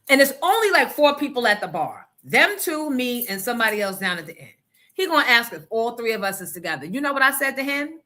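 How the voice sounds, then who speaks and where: A woman hosting a radio show, telling a story in a loud, animated, profane and blunt way. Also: fairly high pitch. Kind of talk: casual storytelling rant.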